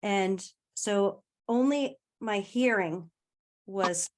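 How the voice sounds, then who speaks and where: A woman's voice: mid-range voice, drawn-out words. Chatty woman telling a story. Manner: chatty, laughs between phrases, trails off mid-sentence. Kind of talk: casual conversational storytelling.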